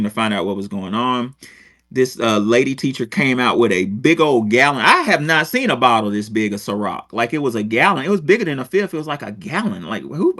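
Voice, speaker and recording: A middle-aged man from Rochester telling a story in casual chat, with lots of swearing and digressions. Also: mid-range voice. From Rochester, New York. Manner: profane, digressive, animated. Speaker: podcast host, former teacher.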